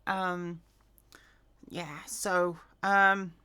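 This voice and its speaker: Slow-reading woman with chatty asides. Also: fairly low pitch, fairly even intonation, bright, forceful tone, clean tone. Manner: chatty asides, fillers and self-corrections. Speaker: reader. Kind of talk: casual Bible reading aloud.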